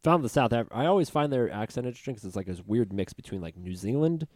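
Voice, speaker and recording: A man's voice: medium pitch, animated, fast, a little mellow, dry recording, studio quality. A young man hosting a casual podcast chat, rambling through his stories with lots of filler words. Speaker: podcast host.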